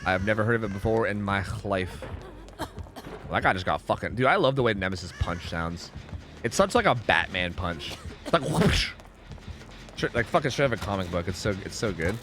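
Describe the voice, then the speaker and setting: A young man streaming gameplay, swearing a lot and swinging between shocked yells and low mumbled asides. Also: animated, brisk, background noise. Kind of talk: live gameplay commentary. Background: game music.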